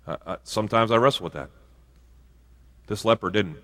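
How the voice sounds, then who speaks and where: A man's voice: on the low side, fairly quick, sharp tone, in a large hall. A male pastor preaching a sermon in a conversational way, with asides and frequent restarts. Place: church sanctuary.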